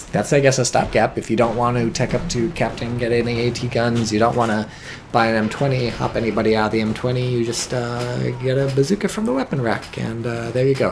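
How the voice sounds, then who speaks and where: Male streamer commentator, casual and wry with a bit of profanity, average pitch. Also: background noise. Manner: wry, offhand, swears casually.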